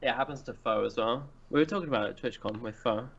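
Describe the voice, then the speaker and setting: A man guest on a casual podcast, speaking in low-key, dry asides. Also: fast, highs cut off, crowd noise.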